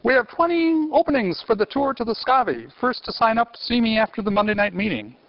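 A man putting on a priest's high announcing voice. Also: sing-song, brisk, full character voice. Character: male priest making a parish announcement. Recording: muffled lecture recording.

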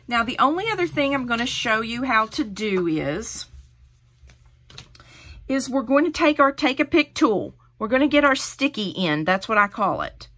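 A woman's voice: fairly high pitch, sing-song, normal speed, fairly bright tone. Middle-aged woman showing a craft project step by step, chatty and encouraging. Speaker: crafting tutorial host. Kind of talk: hands-on craft demonstration.

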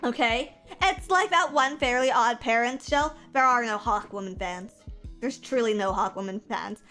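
A young adult woman livestreamer chatting casually, reading viewer comments aloud and reacting in an animated, profane, self-mocking way. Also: a little high, normal speed, faint music behind.

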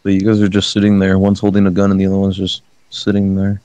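Deep-voiced young man, teasing. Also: monotone, fast talker, warm tone, smooth, no room sound. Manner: teasing, laid-back, swears. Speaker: friend watching on a voice chat. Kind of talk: casual chat.

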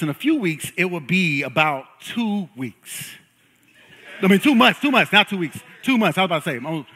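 A young man preaching a sermon in a church, lively and joking as he hypes up the congregation. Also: fairly high pitch. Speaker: pastor. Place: church sanctuary. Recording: long reverb of a large hall.

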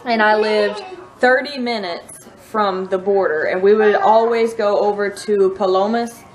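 A woman in her thirties with a Southern US accent, a mom vlogger, chats casually and rambles to her camera in her living room, laughing often. Her voice is medium-pitched and unhurried, with some background noise.

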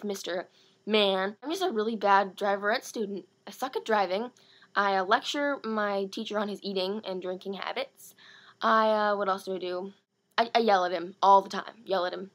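A teenage girl vlogging in a casual, rambling, self-mocking way, talking in quick bursts. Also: medium pitch. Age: late teens. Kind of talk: casual vlog monologue.

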